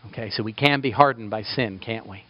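A man's voice: on the low side, a little fast, dull audio. A man preaching a sermon with passion, building to emphatic peaks. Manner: impassioned, rising to emphatic peaks.

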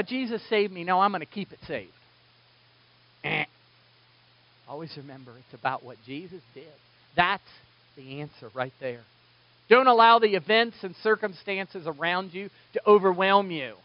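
A male pastor with a high-pitched voice delivers a lively sermon, pushing hard on key lines and then dropping almost to a murmur. The sound is dull and lo-fi, with a dry, close feel and no room around it. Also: no room sound. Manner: animated, swinging between loud emphasis and hushed asides.

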